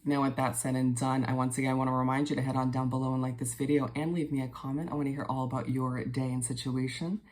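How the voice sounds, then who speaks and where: A man giving a casual daily tarot reading to viewers, gentle and reassuring, unhurried and dotted with fillers. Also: medium pitch, level tone. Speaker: tarot reader.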